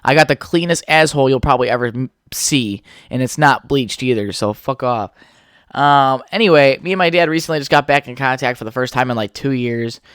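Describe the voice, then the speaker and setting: A man's voice: mid-range voice, brisk, a bit bright, clear, resonant tone, no echo. Profane rambling young man, dry close mic. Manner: rambling, profane, laughs often. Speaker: podcast host. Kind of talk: casual solo podcast chat.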